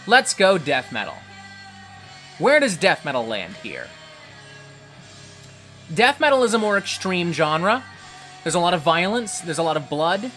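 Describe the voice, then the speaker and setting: A man's voice: high-pitched, sing-song, measured pace, pauses often, a bit bright, faint music behind. Profane, ranting male livestream host. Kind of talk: livestream commentary reading chat.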